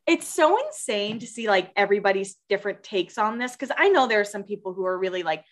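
A woman's voice: mid-range voice, expressive, fast. A woman co-hosting a podcast in casual chat, chatty, laughing easily and swearing freely. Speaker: podcast co-host.

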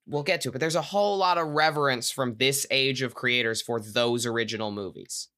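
Bright-voiced rambling young man. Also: medium pitch, brisk. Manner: rambling, self-correcting, enthusiastic. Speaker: podcast co-host. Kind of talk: casual chat.

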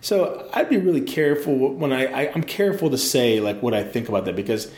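A man's voice: medium pitch, animated, quick pace, a little mellow, echoey room. A man, a designer, in a loose, rambling podcast chat, swearing freely. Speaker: graphic designer guest. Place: campus room with posters.

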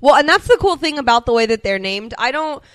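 A woman co-hosts a podcast in relaxed, casual chat, laughing often as she explains little details. Her voice sits fairly high. The sound is dry and close, with no room to it. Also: fast, no room sound. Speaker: podcast co-host.

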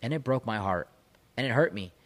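A man's voice: medium pitch, animated, brisk, noisy background. A man talking as a breakup coach into a microphone, intense and emphatic, repeating phrases for punch. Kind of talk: motivational monologue. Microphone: studio microphone.

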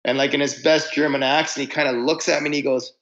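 A man with a gravelly, rough-edged voice tells long, rambling stories about touring life. He restarts his sentences often, on a somewhat muffled, lo-fi recording. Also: mid-range voice, little pitch movement, fast, fairly bright tone. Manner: rambling, self-interrupting storyteller. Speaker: musician guest. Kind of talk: casual storytelling interview.

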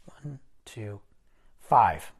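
A man with a lowish, husky voice and vocal fry talks very slowly as he casually tells a rambling story on his vlog. Animated, he corrects himself along the way and acts out what people said.

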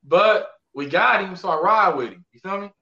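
A man with a high, sharp voice tells animated stories on a casual sports podcast, full of slang and cursing. The sound is roomy and echoey, with a dull, lo-fi tone. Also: normal speed, vocal fry. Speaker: podcast co-host. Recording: echoey room, lo-fi.

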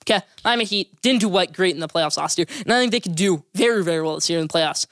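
A sports podcast host giving opinionated talk segments, with emphatic, forceful predictions. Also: medium pitch, fast, no room sound.

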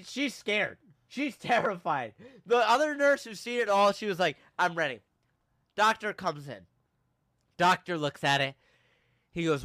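On a podcast, a host with a high, bright voice tells a casual story at a measured pace, acting out the people in it with shouts and laughs. His animated, jokey delivery is recorded close and dry, without echo.

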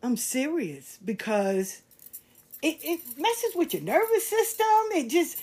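An older woman tells casual, animated stories, blunt, profane and laughing at herself. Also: high voice, slow pace. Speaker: host. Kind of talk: casual storytelling monologue.

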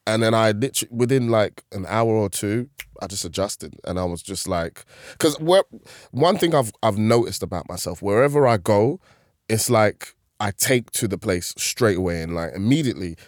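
A man tells stories in a low voice, quick to laugh and animated as he goes. The sound is close and dry, with no room around it. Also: no echo. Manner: laughs often, animated storytelling. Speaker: comedian guest. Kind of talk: casual podcast chat.

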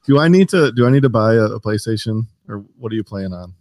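A man's voice: fairly low pitch, animated, fast, a little mellow, no echo, clean studio sound. A man chatting as a podcast guest, hesitant, with frequent ums and restarts. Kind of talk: casual podcast chat.

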